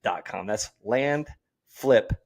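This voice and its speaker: Host: man, mid-range voice, energetic and joking, pushes listeners to act. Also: mid-range voice, slow. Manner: energetic, joking, salesy calls to action. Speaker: podcast host. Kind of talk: casual interview and sign-off pitch. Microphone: portable setup.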